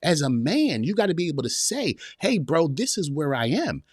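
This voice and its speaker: A man's voice: a little high, very animated, moderate pace, breathy edge, dry recording, studio quality. A man hosting a podcast, giving an emphatic motivational talk and often turning to his listeners with a question. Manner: emphatic, repeats phrases, asks the audience "y'all hear me?". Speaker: podcast host.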